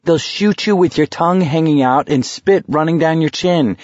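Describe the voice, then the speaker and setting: A man reading a hard-edged teenage boy who talks bluntly and wryly to steady his friend. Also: mid-range voice, normal speed, no echo, lo-fi sound, natural voice. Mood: coaxing. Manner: blunt, coaxing, sardonic.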